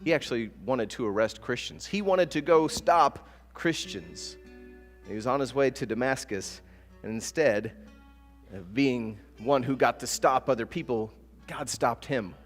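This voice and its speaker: A man preaching a sermon as pastor, telling stories with lively acted-out quotes. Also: medium pitch, normal speed. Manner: animated storytelling with acted-out quotes. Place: church sanctuary. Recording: long church reverb with soft guitar.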